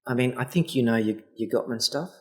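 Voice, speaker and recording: A man's voice: mid-range voice, a little fast. A man, a therapist guest on a casual podcast, animatedly acting out the voices in quoted exchanges. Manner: animated, acts out quoted dialogue.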